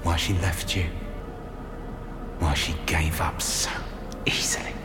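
Brooding East End gangster. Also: male voice, deep voice, steady tone, slow pace, in a large hall, music in the background. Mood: menacing. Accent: East End London. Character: menacing 1960s East End gangster man. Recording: film clip under loud dramatic score.

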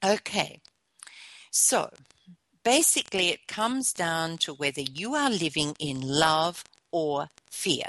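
A woman hosting a motivational talk show, speaking with conversational asides and gentle encouragement. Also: low-pitched, sing-song, slow, no room sound. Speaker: show host.

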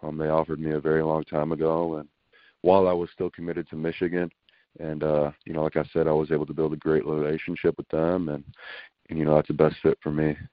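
Very deep-voiced young man on a phone. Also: level tone, fast, dry recording. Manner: plain, hesitant, many fillers. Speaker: guest football recruit. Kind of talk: phone interview. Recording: dull dry phone line.

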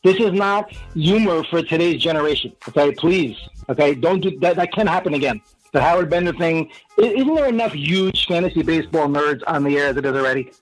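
A man's voice: on the high side, animated, brisk, soft background music, rough recording. A middle-aged man from New Jersey, a guest ranting with sarcastic, brash banter on a radio-style show. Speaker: fantasy baseball guest.

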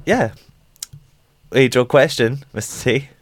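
A man's voice: medium pitch, slow pace, no room sound. A man co-hosting a podcast in casual chat, dry and teasing in manner. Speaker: podcast co-host.

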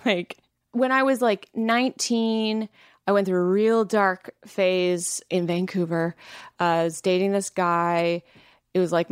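A woman's voice: on the low side, smooth, no echo, studio quality. A woman in her thirties, from Canada, talking candidly as a podcast guest, laughing often and using many filler "like"s. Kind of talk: casual interview chat.

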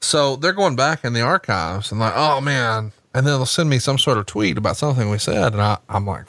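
Animated, swearing man on a podcast. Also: medium pitch, a little fast, few pauses, no echo. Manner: animated storytelling, swears casually. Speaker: podcast host. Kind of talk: casual chat watching wrestling.

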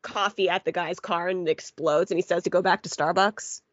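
A woman hosting a podcast in casual chat over a video call, playful and quick to laugh. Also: lowish voice, steady tone, no echo. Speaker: podcast host. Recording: dull dry call audio.

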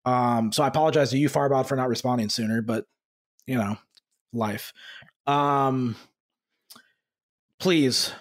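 A man hosting a basketball podcast, talking in an angry, halting way with many fillers and restarts. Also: mid-range voice, fairly even intonation. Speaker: podcast host. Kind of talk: casual podcast talk.

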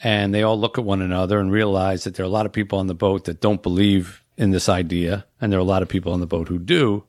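A man, the author, reading the opening of his novel aloud and then explaining its premise in an earnest, measured storytelling manner. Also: low voice, flat delivery, darkish tone, dry recording, studio quality.

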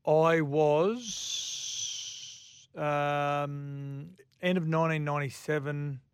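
Laconic Australian ex-footballer co-host. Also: male voice, a little high, fairly even intonation, drawn-out words, smooth, no echo. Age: middle-aged. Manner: dry, laconic replies. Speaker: sports radio co-host, former footballer. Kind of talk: casual banter.

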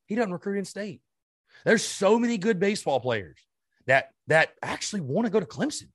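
A man's voice: sits high, animated, moderate pace, no room sound, clean studio sound. Furious ranting male podcast host. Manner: heated and ranting, swearing, with many stammered restarts. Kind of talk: sports fan rant.

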